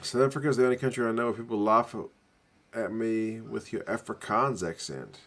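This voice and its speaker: A man's voice: fairly low pitch, fairly quick, fairly bright tone. A man with a New Zealand accent, chatting casually on a live stream as he watches a rugby match and answers viewers. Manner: chatty, reads viewer comments aloud, says bro.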